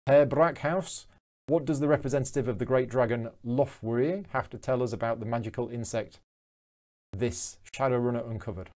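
A man's voice: medium pitch, normal speed, dark tone, lightly acted. A man voicing a stern, cold and formal wealthy father from a game, in clipped commanding sentences.

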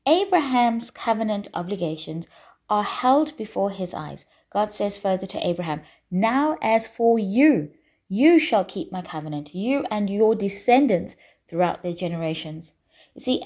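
Woman preaching a deliberate sermon. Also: a little high, a little mellow. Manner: deliberate, emphatic preaching with repeated phrases. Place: church.

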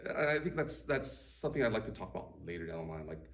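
A man chats casually as co-host, wandering through his thoughts with plenty of fillers. His voice rises and falls with lively swings. He sits back from the microphone in an echoing room with a faint hum behind him. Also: low-pitched, fast talker, gravelly. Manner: rambling, loose, many "like" and "you know" fillers. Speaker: podcast co-host. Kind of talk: casual chat. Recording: roomy echo, distant from mic, faint background hum.

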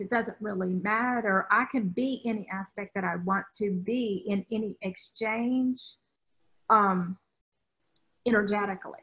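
A woman's voice: fairly high pitch, fairly bright tone, poor audio. A woman from the US South, a spiritual teacher, talking with emphasis in a rambling way, often restarting her sentences. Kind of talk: spiritual talk in conversation.

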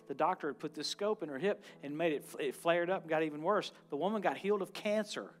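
Animated charismatic guest preacher, man. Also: a little high. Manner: animated, swings from loud exclaims to quiet prayer. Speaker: guest minister. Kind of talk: charismatic sermon and prayer. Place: church service.

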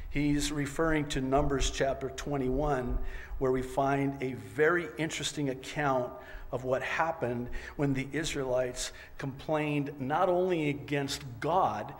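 A man preaching a sermon as pastor, reading scripture emphatically and voicing its quoted lines with drama. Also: mid-range voice. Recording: long reverb of a large hall.

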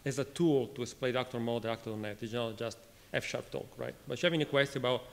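A man from Italy with an Italian accent gives a technical conference talk in a halting way, restarting phrases and questioning the audience. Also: mid-range voice, fairly even intonation, creaky. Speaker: conference speaker. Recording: reverberant lecture hall.

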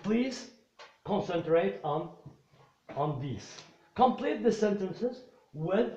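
A man's voice: high-pitched, animated, takes it slowly, pauses often, warm tone. A man teaching an English lesson, repeating phrases patiently and switching to Arabic to translate. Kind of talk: bilingual classroom lesson. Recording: roomy, slightly dull recording.

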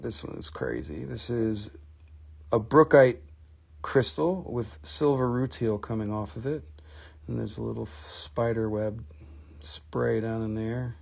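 A man with a medium-pitched, creaky voice hosts a live mineral sale. He chats enthusiastically and responds to viewer comments in casual live-stream sales talk.

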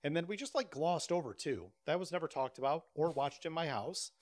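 A man's voice: fairly high pitch, expressive, fairly quick. A man in his thirties hosting a podcast, telling stories with profane mock outrage. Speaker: podcast host. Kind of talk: casual podcast banter.

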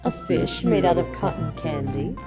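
A low, swooping voice belongs to a cryptic hooded ferry monster, played by a woman. It speaks in slow riddles and drifts into sing-song nonsense, with music playing underneath. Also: animated, natural voice. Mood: riddling.

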